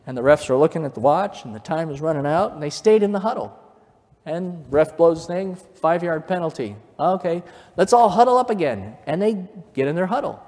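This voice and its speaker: A male pastor preaching a sermon, telling stories and building from quiet to fervent emphasis. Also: fairly high pitch, lively intonation, normal speed. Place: church sanctuary. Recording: long reverb of a church hall.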